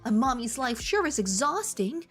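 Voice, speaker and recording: A woman's voice: fairly high pitch, sing-song, moderate pace, fairly bright tone, faint music behind. A woman voicing a chirpy, pious mommy author reading her own note in a sugary, sing-song way. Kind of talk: reading aloud in a put-on voice.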